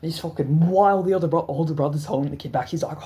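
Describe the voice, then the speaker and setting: Rambling, profane storyteller. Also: male voice, on the high side, quick pace, warm tone. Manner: rambling, profane, laughing storyteller with frequent restarts. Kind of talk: casual story narration.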